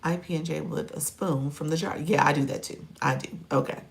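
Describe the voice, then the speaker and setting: A woman's voice: low-pitched, steady tone, a little fast, vocal fry. A middle-aged woman hosting a livestream, chatting playfully with viewers and laughing often between remarks. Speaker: livestream host and coach. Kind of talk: casual livestream chat, reacting to viewer comments.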